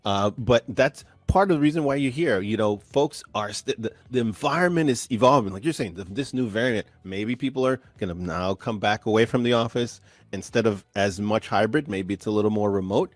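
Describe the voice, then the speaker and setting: A man hosting a business tech podcast, giving energetic, hype-filled introductions and chatting casually with his guest. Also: fairly low pitch, fairly quick, no echo. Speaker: podcast host. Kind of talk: upbeat show hosting.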